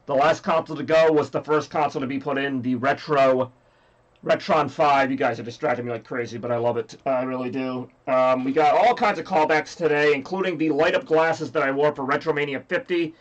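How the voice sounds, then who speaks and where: A man's voice: medium pitch, brisk, dull audio. Scratchy-voiced man hosting a stream. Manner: rambly, jokey, reads chat aloud. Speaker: livestream host. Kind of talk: rambling casual stream chat.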